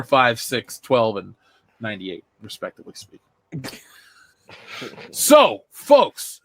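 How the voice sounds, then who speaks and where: A man's voice: mid-range voice, a bit bright, no echo. A man hosting a pop culture podcast in loose, joking chat, swearing freely. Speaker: podcast host. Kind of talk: casual chat.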